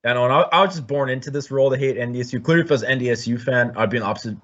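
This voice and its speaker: A man hosting a sports podcast, chatting casually and rambling, with many restarts and throat clearing. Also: medium pitch, racing, a bit bright. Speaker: podcast host. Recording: dull lo-fi audio.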